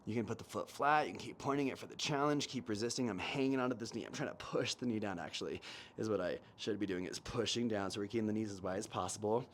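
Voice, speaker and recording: Talking quickly in a lowish voice, a fitness instructor runs a guided mobility session from home on his new mic. He calls out cues, counts down, and keeps the mood light with jokes and laughter, despite a lawn blower outside and a little hiss or hum.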